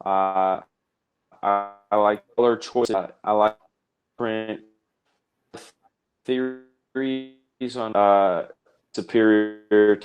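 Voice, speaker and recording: A man's voice: fairly low pitch, steady tone, very slow, pauses often, dull audio. Rambling man hosting a live stream. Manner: rambling, self-interrupting, jokey. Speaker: host of a live art stream. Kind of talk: casual chat while reading live comments.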